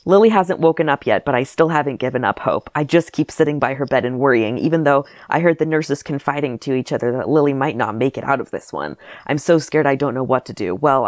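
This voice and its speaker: A man's voice: medium pitch, no room sound, clean studio sound. A man co-hosting a podcast, reading his childhood writing aloud with wry comments and bursts of laughter. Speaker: podcast co-host.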